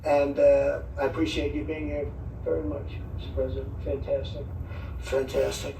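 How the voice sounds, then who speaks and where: Politician type: man, rambling and ad-libbing with jokey asides, gravelly and a bit high-pitched, recorded from a distance. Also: completely flat delivery, normal speed. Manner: rambling, ad-libbed, joking asides. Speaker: politician addressing foreign leaders. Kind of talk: off-the-cuff speech. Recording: echoey, distant mic, faint background noise.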